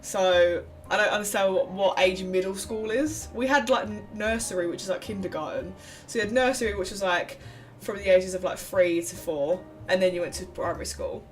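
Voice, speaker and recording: A woman's voice: medium pitch, moderate pace, distant mic, faint music behind. A young English woman from England, chatty and swearing freely as she comments on a game she is playing. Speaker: gaming video host. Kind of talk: let's play commentary.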